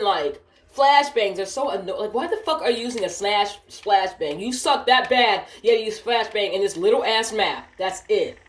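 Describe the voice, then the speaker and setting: A woman's voice: medium pitch, animated, normal speed, few pauses, reverberant. A woman telling a work story while gaming, cursing and ranting, often sidetracked. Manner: profane, ranting, easily distracted.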